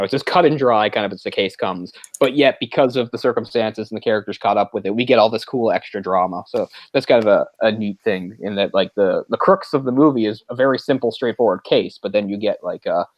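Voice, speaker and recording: A man's voice: fairly low pitch, dry recording, muffled recording. A man co-hosting a casual movie discussion podcast, rambling, searching for words and laughing often. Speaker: podcast co-host.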